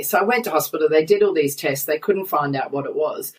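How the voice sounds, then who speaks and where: A woman's voice: low-pitched, fairly quick, far from the mic. A woman, hosting a podcast in a chatty way and prompting her guest with questions. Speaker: podcast host. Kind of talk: casual podcast conversation.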